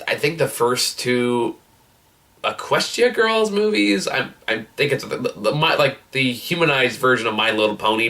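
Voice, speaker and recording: A man's voice: medium pitch, bright, forceful tone, far from the mic. A man giving a casual, rambling movie review, swearing freely and laughing as he retells scenes. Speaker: film reviewer.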